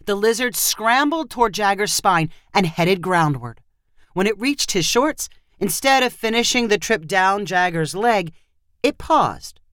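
A woman's voice: mid-range voice, unhurried, no room sound. Woman reading a kids' story, lots of ups and downs, dry close sound. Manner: expressive, lively reading. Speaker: narrator. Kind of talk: storybook narration.

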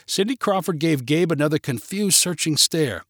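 A man reading a humorous short story aloud with expressive, lively delivery. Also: on the high side, moderate pace, breathy edge, no echo, clean studio sound.

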